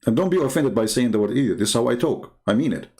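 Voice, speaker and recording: Fast, with lively intonation, a medium pitch, and a darkish tone, a man argues online about religion. His impassioned monologue is combative and mocking, becoming increasingly heated.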